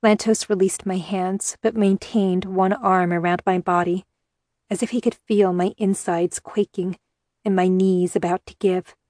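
A woman's voice: medium pitch, fairly even intonation, unhurried, a little mellow, no echo, studio quality. A woman reading a first-person story aloud with tense, emotional delivery. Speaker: audiobook narrator. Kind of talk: first-person audiobook narration.

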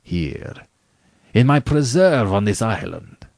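A man reading a story aloud, voicing a suave, menacing aristocratic male hunter who speaks slowly and with courtly politeness. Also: on the low side, sing-song, darkish tone, no room sound, clean studio sound, heavily acted. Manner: slow, measured, courtly. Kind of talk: audiobook reading.

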